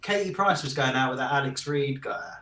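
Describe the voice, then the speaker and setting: A man from Essex chatting casually on a podcast, teasing and quick with his questions. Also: medium pitch, pushed and bright, slight background noise. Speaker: podcast co-host. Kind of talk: casual chat. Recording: roomy echo.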